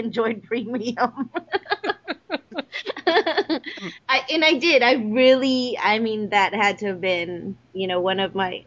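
A woman, a voice actress, talking casually in an interview, animated and laughing often. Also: a little high, lo-fi sound. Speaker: voice actress guest.

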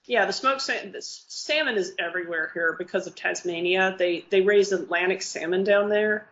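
A woman co-hosting a casual podcast chat, excitable and quick to swear, often restarting her sentences. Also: fairly low pitch. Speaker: podcast co-host. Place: living in Australia. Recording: slightly dull lo-fi podcast audio.

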